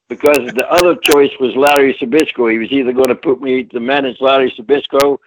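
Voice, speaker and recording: A man's voice: medium pitch, steady tone, fairly quick, few pauses, a little hiss or hum, poor audio. A Scottish-born man, a former wrestler, telling stories in a plainspoken, folksy way as a guest on an interview show. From Scotland. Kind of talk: casual storytelling interview.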